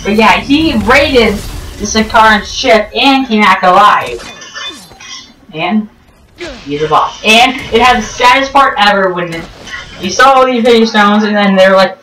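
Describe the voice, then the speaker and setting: A woman giving rambling, joking commentary over gameplay, full of ums and restarts and sudden jumps in pitch. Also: normal speed, fairly bright tone, a little hiss or hum. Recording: roomy echo, distant mic, faint game music.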